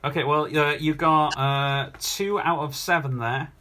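A man's voice: on the high side, fairly even intonation, measured pace, bright, forceful tone. Dry-joking male podcast host. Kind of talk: casual chat.

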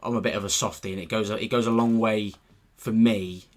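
Low-voiced male football reporter, casual podcast co-host, teasing, easy laugh. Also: fairly even intonation, brisk.

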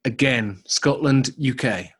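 A man's voice: mid-range voice, takes it slowly, fairly bright tone, husky. Bantering man reading podcast news. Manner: banter-heavy, swears freely, reads news aloud. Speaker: podcast co-host. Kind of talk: casual chat.

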